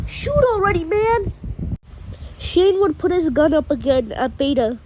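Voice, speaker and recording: Slow, high-voiced woman storyteller. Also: darkish tone, slight background noise, low-quality recording. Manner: breathless plot recap, many "and then"s. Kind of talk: casual fan-fiction retelling.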